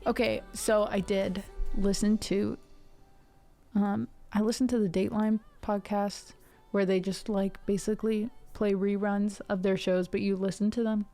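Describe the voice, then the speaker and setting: A woman from the Ohio River Valley chats loosely with her stream viewers, wandering between thoughts with plenty of fillers. Her voice sits at a middle pitch with a soft, mellow tone. Quiet music plays underneath. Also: level tone, measured pace. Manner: chatty, rambling, many restarts and fillers. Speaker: music livestream host. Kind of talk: casual chat with stream viewers.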